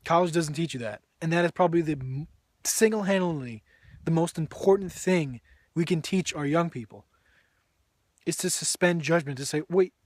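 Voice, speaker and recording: A man's voice: a little high, moderate pace, no echo. A man giving an earnest, preachy opinion monologue to camera, often restarting his sentences. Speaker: vegan video blogger and author.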